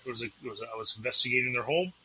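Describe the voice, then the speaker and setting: A man's voice: medium pitch, racing, pushed and bright, slight background noise, rough recording. A man with a Massachusetts accent, a paranormal investigator, telling a story and acting out the dialogue as a podcast guest.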